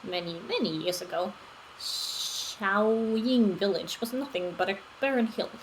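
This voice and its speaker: A woman's voice: medium pitch, measured pace, slight background noise, natural voice, rough recording. A woman voicing an earnest male tea merchant villager, speaking in formal, old-fashioned phrasing.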